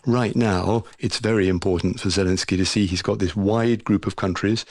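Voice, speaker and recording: Low-pitched older man speaking in a dry, close-sounding space. He answers interview questions in a deliberate, analytical way, filling his pauses with soft hesitations, the steady tone of a former diplomat. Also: dry recording.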